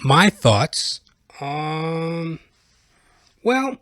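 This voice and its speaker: Rambling, profane comic podcast host. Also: male voice, on the high side, very animated, drawn-out words, fairly bright tone, slight background noise. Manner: rambling, profane, lots of filler words. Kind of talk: comedic reaction rant.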